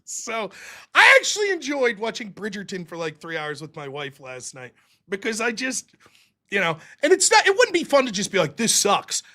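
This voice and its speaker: A man's voice: sits high, wildly swooping pitch, normal speed, bright, forceful tone. A man hosting a livestream, talking casually in a rambling, profane, jokey way. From United States. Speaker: livestream host.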